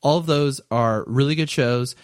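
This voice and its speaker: A man's voice: mid-range voice, moderate pace, clean tone, dry recording. Stuffy-nosed man hosting a podcast, dry sound. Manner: enthusiastic, rambling, self-deprecating. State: stuffy, congested from a cold. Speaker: podcast host. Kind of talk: casual podcast chat.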